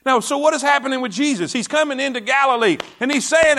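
A very high-pitched male pastor talks fast, his tone bright and forceful. In the sanctuary, he delivers an impassioned sermon, repeating lines and calling for the congregation's response.

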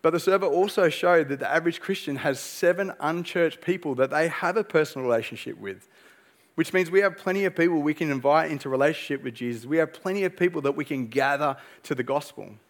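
A man's voice: a little high, fast talker. A young man preaching a sermon as pastor, earnest and emphatic, pressing his points with rhetorical questions.

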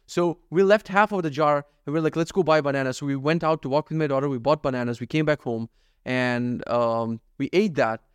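A young man hosts his own podcast in a rambling, profanity-laced confessional. He speaks rapidly in a slightly raised register and keeps turning criticism on himself. The recording is close and dry, with no room sound. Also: fairly high pitch, clean tone, dry recording. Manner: rambling and self-critical, heavy swearing. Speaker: podcast host. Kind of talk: candid confessional monologue.

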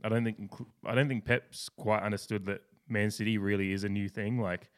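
A man co-hosting a casual sports podcast, telling stories in a rambling, animated way with lots of restarts. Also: on the low side, moderate pace. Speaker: podcast co-host.

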